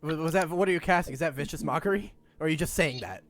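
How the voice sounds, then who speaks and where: A man's voice: a little high, fast talker. A man running a tabletop game as game master, narrating and laughing often.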